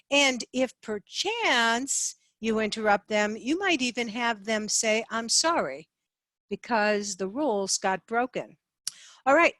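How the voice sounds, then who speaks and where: A woman sales trainer giving an instructional talk in a measured, clear way. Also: fairly high pitch, a bit bright, no room sound. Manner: measured, clear, demonstrating tones.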